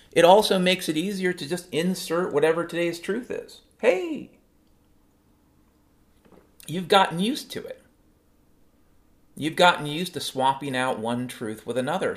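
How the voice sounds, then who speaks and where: Man, fifties, solo podcast host, sarcastic, profane, ranting, somewhat high voice.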